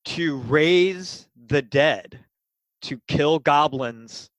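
Enthusiastic game master, mid pitch, dry close mic, chatty. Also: very slow, no room sound, poor audio. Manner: animated, enthusiastic, many fillers. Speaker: game master for kids' games. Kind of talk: casual interview storytelling.

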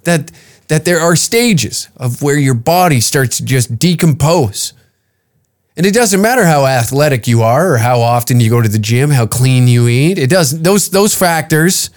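A man in his fifties hosting a comedy podcast, ranting in a profane, rambling, incredulous way. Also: on the high side. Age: 50s. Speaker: podcast host.

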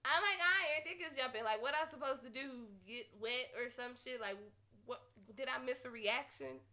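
A woman with a high, bright voice. She hosts a podcast and tells a story in casual chat. She is blunt, profane and animated. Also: moderate pace. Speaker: podcast host.

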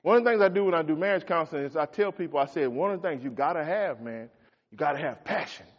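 A middle-aged man preaching a folksy sermon as a pastor, swinging between shouts and quiet asides. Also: on the high side, expressive, fast. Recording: echoey hall, dull lo-fi sound.

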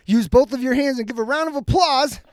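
A man's voice: very high-pitched, a little fast, no echo, studio quality. A man hosting a casual podcast chat, joking loosely and laughing often. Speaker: podcast host.

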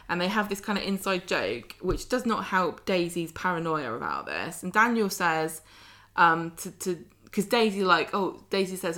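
Southern english woman recapping a soap, chatty and sarcastic, kinda low but really bright voice. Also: moderate pace. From southern England. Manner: chatty, animated, sarcastic asides. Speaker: podcast co-host. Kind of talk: casual chat recapping a soap.

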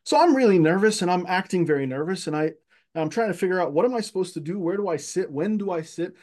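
Guy from egypt telling stories on a podcast, kinda high voice, lively, keeps repeating words. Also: fast. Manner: animated, repeats words while searching for them. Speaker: podcast guest. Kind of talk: casual storytelling conversation.

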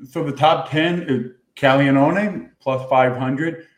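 A man's voice: mid-range voice, slow pace. A man co-hosting a sports podcast, explaining his points and correcting others. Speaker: podcast co-host. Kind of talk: casual sports chat. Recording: roomy echo.

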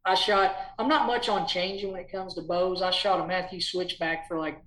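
Podcast guest, man, chatty and animated, roomy echo, light background hum. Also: sits high, normal speed. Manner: lively, chatty, acts out quotes with raised voice. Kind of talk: casual storytelling.

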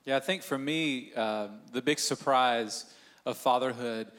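A man's voice: medium pitch, measured pace, fairly bright tone. A man in his forties, a pastor, speaking on a church panel in a joking, self-deprecating but heartfelt way.

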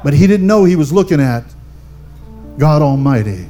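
A man's voice: fairly high pitch, very animated, normal speed, mellow, faint music behind. An older man, a pastor, preaching a fervent sermon and calling on the congregation for amens. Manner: fervent preaching with call-and-response.

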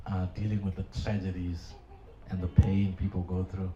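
A man's voice: deep voice, level tone, moderate pace, over music. A middle-aged male pastor preaching a sermon with passion and humorous asides. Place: church hall. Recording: echoey hall, dull sound, congregation audible.

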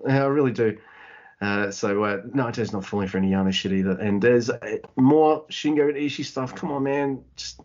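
A man in the middle of his pitch range chats on a podcast, excitable and quick to swear. He laughs often. The audio is slightly dull and lo-fi. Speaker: podcast co-host. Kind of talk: casual wrestling chat.

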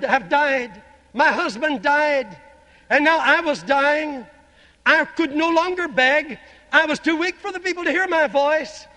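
An older man preaches a sermon full of testimony, his voice pitched very high and bright. He swings from fervent outbursts to slow, drawn-out phrases. The sound carries a long reverb, as in a large hall. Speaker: evangelist preacher.

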